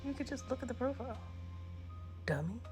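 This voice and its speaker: A woman ranting bluntly in a casual vlog, cursing freely and swinging between loud outbursts and hushed, breathy asides. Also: a little high, animated, brisk, over music. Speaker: social media creator.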